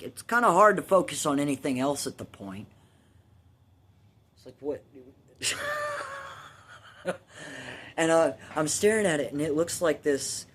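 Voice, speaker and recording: A man talks through a memory at an easy middle pitch, wandering and restarting as he goes. He swears casually and breaks into laughter at the funny parts. There is a faint hiss underneath. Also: fairly bright tone. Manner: rambling, profane, laughs at his own story. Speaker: vlogger telling a personal story. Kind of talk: casual personal storytelling.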